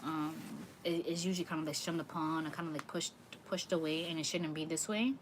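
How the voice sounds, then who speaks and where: A woman's voice: low-pitched, fairly even intonation, brisk, noisy background. A woman giving a livestream tarot reading, talking earnestly and repeating phrases for emphasis. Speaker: tarot reader.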